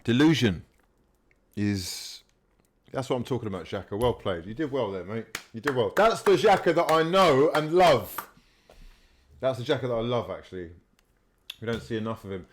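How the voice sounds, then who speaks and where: A man giving live fan commentary while watching a match, swinging between mutters, swearing and shouts at the players. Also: medium pitch, expressive, moderate pace, pauses often, a little hiss or hum. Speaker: fan channel host.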